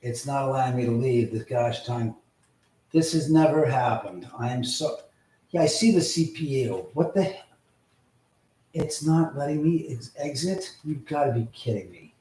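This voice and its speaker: A man's voice: mid-range voice, animated, moderate pace. Angry guy fighting his stream setup, cusses a lot, sounds far off in an echoey room. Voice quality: loud profane outbursts, swinging from mutters to shouts. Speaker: livestream host. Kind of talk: frustrated live-stream troubleshooting. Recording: roomy echo, mic at a distance.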